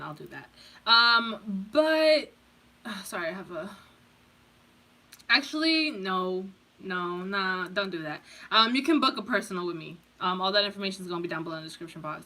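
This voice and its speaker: A woman's voice: lowish voice, sharp tone. A woman tarot reader giving a casual pick-a-card reading, rambling, swearing freely and laughing often.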